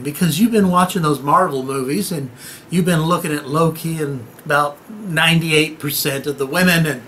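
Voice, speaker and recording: A man's voice: fairly high pitch, fairly bright tone, a little hiss or hum. A man telling an old myth as a comic, irreverent story, joking and talking straight to the audience. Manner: acts out voices and noises in the tale.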